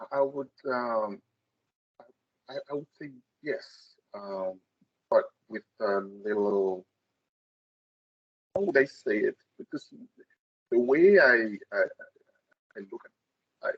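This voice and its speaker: A man speaks reflectively in a casual panel discussion, pausing as he searches for words. His voice is husky, and the sound is very dry and close. The audio is dull and lo-fi. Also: on the low side, dry recording.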